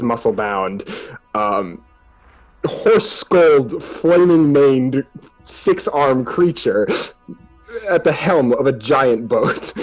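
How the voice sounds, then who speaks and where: A man runs a tabletop game, describing ships, islands and monsters for his players. His voice sits in an ordinary middle pitch, and he keeps breaking into small laughs as he narrates. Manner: chuckles often while describing scenes. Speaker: game master.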